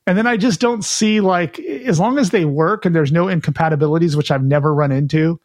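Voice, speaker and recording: A man co-hosting a casual retro gaming podcast, chatty and relaxed, reading out listener news with his own asides. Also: a little high, a little fast, dry recording, clean studio sound. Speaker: podcast co-host.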